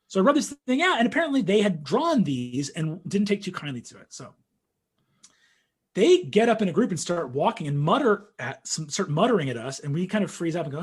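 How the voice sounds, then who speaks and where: A young man telling a story in casual conversation, animated and full of fillers, acting out what people said. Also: sits high, moderate pace, breathy edge. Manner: animated storytelling, acts out quotes, frequent fillers.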